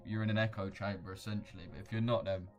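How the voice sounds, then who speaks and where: A man's voice: fairly low pitch, fairly even intonation, quick pace. A young man, chatting casually on a livestream and answering viewers with blunt, slangy banter. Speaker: livestream host. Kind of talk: casual livestream chat reacting to viewer comments.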